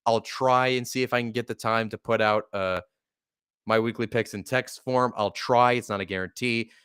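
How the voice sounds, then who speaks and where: A man calls a football game for his own live stream, a fan more than a broadcaster. His voice is smooth and resonant at an ordinary middle pitch. He swears casually and climbs into excited shouting at big plays. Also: moderate pace. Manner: excitable, profane, shouting when upset. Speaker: sports podcast host. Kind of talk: live play-by-play fan commentary.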